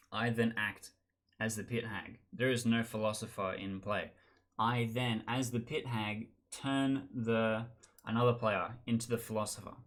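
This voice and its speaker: A man hosting a board game channel, telling his favorite game stories in a chatty, animated way and acting out what other players said. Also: fairly low pitch. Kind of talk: casual storytelling monologue.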